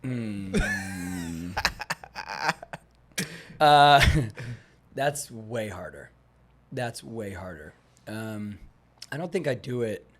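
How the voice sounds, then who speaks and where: A young man talking as a guest on a podcast, animated as he tells stories and acts out conversations, rambling a little with restarts. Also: on the low side, drawn-out words, long pauses. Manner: animated storyteller, acts out dialogue; rambling with frequent restarts and fillers. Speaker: guest, fitness instructor.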